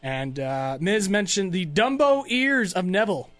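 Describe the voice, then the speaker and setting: High-voiced chatty man. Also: lively intonation, unhurried, a bit bright, faint music behind. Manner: chatty, rambling, laughs often. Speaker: podcast host. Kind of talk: casual chat recapping wrestling.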